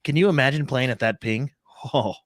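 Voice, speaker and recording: A man co-hosting a casual gaming podcast, relaxed and full of fillers. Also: mid-range voice, moderate pace, dry recording, studio quality. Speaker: podcast co-host.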